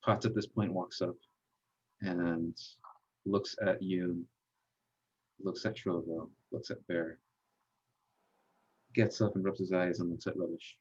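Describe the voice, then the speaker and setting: A low-voiced man running a tabletop game as game master. He narrates in a halting way, with pauses and fillers between phrases. The recording sounds dull and lo-fi. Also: fairly even intonation, slightly rough.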